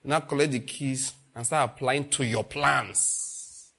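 A man's voice: medium pitch, fairly even intonation, slow, creaky, pushed and bright, husky. A man preaching a sermon, asking the congregation rhetorical questions and repeating phrases for emphasis.

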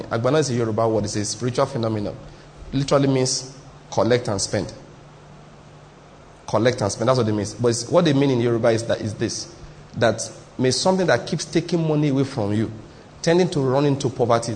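A man preaching a sermon, animated and repetitive, often laughing as he tells stories. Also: medium pitch, slight background noise. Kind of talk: sermon with storytelling.

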